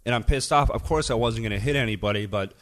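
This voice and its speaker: A man's voice: medium pitch, quick pace. A middle-aged man telling a long story in casual podcast chat, swearing freely and acting out what everyone said. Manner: profane, animated, acts out quoted dialogue. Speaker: podcast guest, DJ.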